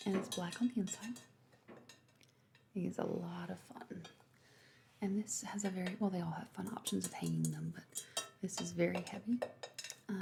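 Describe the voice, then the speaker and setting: A woman voicing an attentive female party planner in a whispered role-play, softly reassuring as she shows decorations. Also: on the low side, vocal fry, noisy background. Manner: soft, reassuring sales talk.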